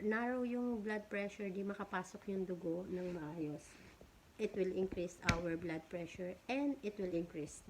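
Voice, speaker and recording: A woman's voice: lowish voice, slight background noise, rough recording. A woman, hosting an informal health explainer and mixing reading with loose explanation. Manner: switches between English and Tagalog, reading points then explaining loosely. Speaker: health talk host.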